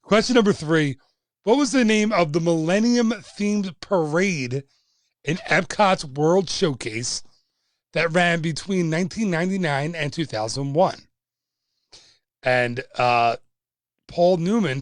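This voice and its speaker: A man's voice: on the high side, lively intonation, a little slow, no room sound, studio quality. A young man hosting a casual livestream trivia game, chatty and jokey as he reads out viewer answers. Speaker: trivia host.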